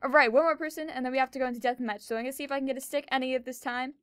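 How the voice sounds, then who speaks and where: A young woman giving fast, chatty, excitable commentary while playing a video game. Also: high-pitched, smooth, no echo, studio quality. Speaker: gaming video creator. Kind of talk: casual gameplay commentary.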